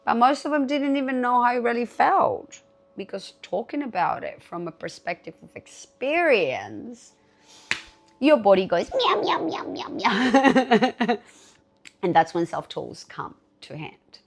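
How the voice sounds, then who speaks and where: A woman's voice: a little high, sing-song, unhurried, creaky. A woman hosting her own podcast, talking casually and candidly, swearing freely and with animation. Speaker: podcast host. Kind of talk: casual solo podcast talk.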